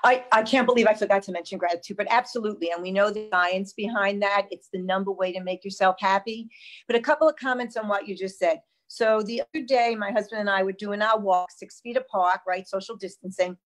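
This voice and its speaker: A woman hosting a casual live conversation, telling stories in an animated, emphatic way. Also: medium pitch, brisk. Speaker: host.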